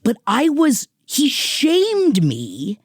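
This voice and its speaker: A woman co-hosting a podcast, telling an animated, profane story in casual chat. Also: sits high, drawn-out words, no echo, studio quality. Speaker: podcast co-host.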